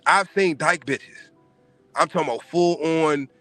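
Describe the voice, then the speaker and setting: A man's voice: fairly high pitch, a little slow, pushed and bright, dry recording, faint music behind. A man hosting a casual podcast, giving emphatic, profane opinions. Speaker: podcast host.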